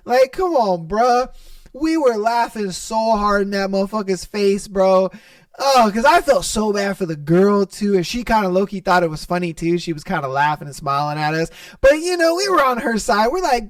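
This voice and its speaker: A man's voice: sits high, normal speed, no room sound, far from the mic. Profane young man telling a story. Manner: profane, animated, laughs while telling stories. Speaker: podcast host. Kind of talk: casual storytelling monologue.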